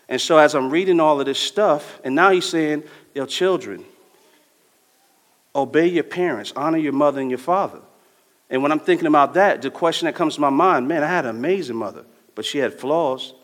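A middle-aged male pastor preaching a sermon in a conversational, animated storytelling way with casual slang. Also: on the high side, moderate pace. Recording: long hall reverb.

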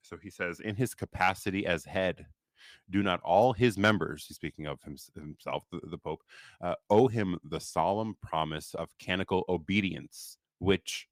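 Man, podcast co-host, emphatic, deep voice, dry recording. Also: moderate pace, no room sound. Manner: emphatic, reads quotes aloud and comments. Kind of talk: casual discussion podcast.

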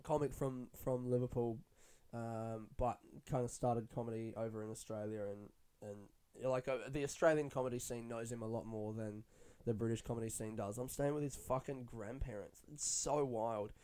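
A young adult man, a stand-up comedian, rambling in a casual, excitable monologue full of swearing. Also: mid-range voice, moderate pace, clear, resonant tone. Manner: profane, chatty, excitable.

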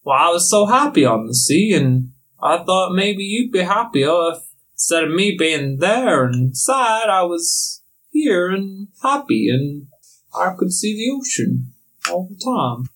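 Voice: mid-range voice, sing-song, a little slow, fairly bright tone, slightly rough, voice pushed up, full character voice. A game master doing a folksy runaway pirate dad. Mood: rambling. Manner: folksy old-timey drawl with exclamations.

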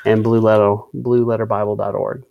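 A man's voice: on the low side, little pitch movement, brisk, gravelly, a little mellow, lo-fi sound. A man co-hosting a casual Bible-study discussion, often restarting his sentences and reading out word definitions. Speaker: co-host of a faith discussion.

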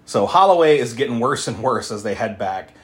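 Male podcast host, lively pitch, casual recap, jokey and profane. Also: brisk. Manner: animated, swearing, laughing, acting out characters. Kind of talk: casual movie recap chat.

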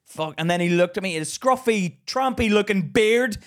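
A man co-hosting a podcast, telling rants in an animated, profane way in casual chat. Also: high-pitched, moderate pace. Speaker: podcast co-host.

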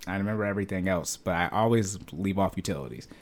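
Young man, podcast co-host, low voice, laid-back joking chat, laughs a lot. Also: fast talker. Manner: loose, joking, laughs often, restarts. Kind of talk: casual chat.

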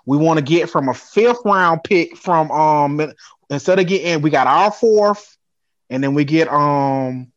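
A man co-hosting a casual sports podcast, talking in an animated, excitable way and riffing with his co-host. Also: fairly high pitch, a little slow, no echo, lo-fi sound.

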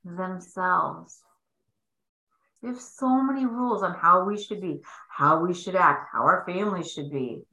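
Female host, coaching talk, bright and expressive, echoey room sound. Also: fairly low pitch, a little slow. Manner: expressive, swings between emphatic and hushed asides. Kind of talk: faith-based coaching talk.

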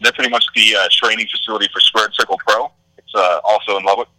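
A man's voice: lowish voice, fairly even intonation, quick pace, bright, forceful tone, no echo, low-quality recording. A man, a wrestler being interviewed, talking casually with many fillers. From Texas. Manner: laid-back, many "you know" and "uh" fillers. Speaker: guest wrestler.

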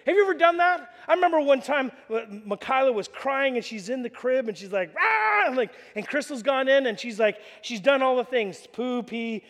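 High-voiced preacher in a reverberant hall. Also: male voice, fairly quick, few pauses. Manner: animated storytelling, acts out voices. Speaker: pastor. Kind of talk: sermon. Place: church hall. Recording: long reverb of a large hall.

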